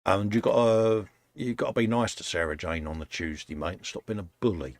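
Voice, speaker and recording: A man's voice: lowish voice, steady tone, a little fast, no room sound. A British man hosting a casual live stream from his workshop, reading out viewer comments in a chatty, matey way. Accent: British English. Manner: chatty, matey, calls viewers mate and folks. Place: home workshop.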